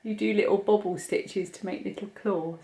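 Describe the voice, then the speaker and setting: A woman's voice: medium pitch, fairly even intonation, moderate pace, dark tone. A woman in her forties with an English accent, chatting casually on her craft podcast and gushing over the toys she makes. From England. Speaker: podcast host. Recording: echoey room.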